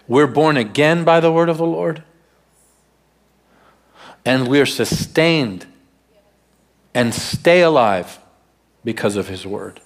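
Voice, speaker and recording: A male pastor preaches a church sermon in a storytelling way. His voice sits at an ordinary mid pitch, and he slows right down to lean on the words that matter. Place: church service.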